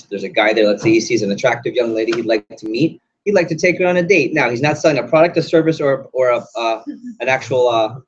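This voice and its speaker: A man's voice: mid-range voice, husky, lo-fi sound. A man running an interactive sales training session, quizzing the room and acting out examples. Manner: quizzes audience, acts out examples.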